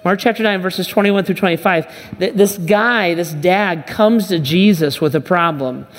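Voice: medium pitch, a little slow. A pastor giving a conversational sermon, restarting and repeating phrases and acting out the Bible dialogue. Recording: long reverb of a large hall.

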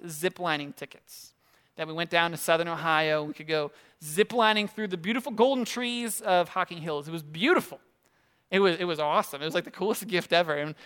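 A young man preaching a casual sermon, telling stories in a conversational, animated way and acting out quotes. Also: a little high, smooth. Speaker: pastor.

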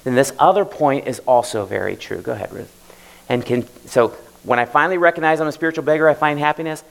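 A man's voice: mid-range voice, quick pace, gravelly, rough recording. A man preaching a sermon as pastor, in a conversational way, often acting out prayers in the first person. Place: church service.

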